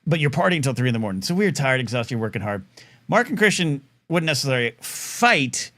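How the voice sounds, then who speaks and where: On a live talk show, a middle-aged host rambles through a long story at a fairly quick clip, his voice medium in pitch. It's a casual monologue, animated and packed with fillers and restarts, and he performs the quoted voices of the people involved.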